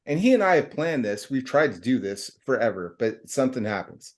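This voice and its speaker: A man's voice: mid-range voice, very animated, brisk. A middle-aged man hosting a podcast, chatting casually and telling a rambling story full of fillers and slang. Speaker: podcast host.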